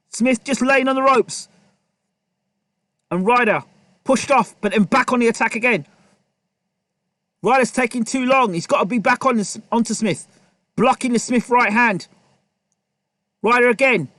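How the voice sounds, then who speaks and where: A man giving live play-by-play boxing commentary, excitable and repetitive, often calling out to the fighters. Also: extremely high pitch, moderate pace, pauses often, dry recording.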